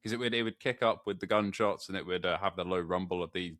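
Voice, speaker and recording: A man's voice: deep voice, fast talker, a bit bright, no room sound. A British man guesting on a gaming podcast, talking eagerly with many restarts. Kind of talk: casual chat.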